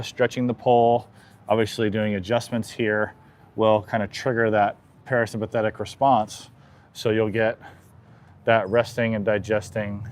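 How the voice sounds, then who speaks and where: A man working as an equine chiropractor, calmly explaining a hands-on demonstration with a horse and softly soothing it. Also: fairly low pitch.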